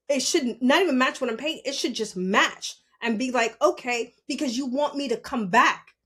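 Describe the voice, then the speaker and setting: A young woman with a high voice tells a story in a casual, animated rant. She is blunt, swears freely and keeps turning to the listener with rhetorical questions, like a podcast host talking straight to her audience.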